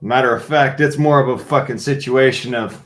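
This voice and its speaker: A man's voice: medium pitch, fairly even intonation, moderate pace. A man hosting a livestream, chatting casually to viewers in a rambling, profane way and laughing often. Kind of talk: casual rant to a live chat.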